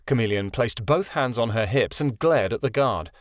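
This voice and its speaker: A man narrating a fantasy audiobook in an expressive storytelling read. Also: mid-range voice, normal speed, hardly any pauses, dry recording, clean studio sound.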